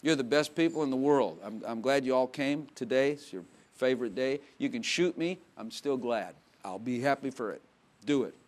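A man preaching a sermon in a conversational way, dropping to quiet asides and rising to loud emphatic bursts, with frequent laughs. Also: medium pitch, lively intonation, moderate pace. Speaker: pastor.

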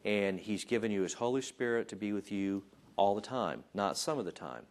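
Guy w a low voice doing a casual, chatty sermon, puts on little voices. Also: expressive, normal speed. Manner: conversational, acts out voices and jokes about himself. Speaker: Bible teacher. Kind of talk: informal sermon. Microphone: taped.

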